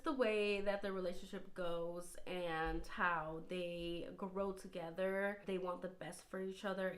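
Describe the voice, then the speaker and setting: A woman's voice: medium pitch, fairly bright tone. A woman hosting a casual book recommendation vlog from home, chatty and gushing, with lots of "like" fillers. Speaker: book vlogger. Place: indoors at home, under a filming light.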